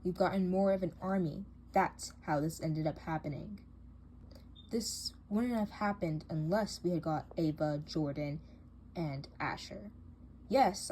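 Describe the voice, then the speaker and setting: A woman's voice: fairly low pitch, warm tone, lightly acted. Woman doing a cold scheming doll-drama girl, taunting, bossy, faint hiss.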